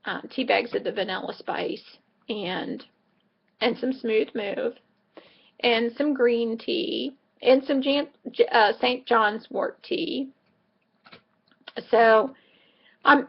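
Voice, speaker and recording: A woman's voice: fairly high pitch, creaky, husky, muffled recording. A middle-aged woman vlogging in a casual, rambling way, telling a chatty story full of asides. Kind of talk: casual chat.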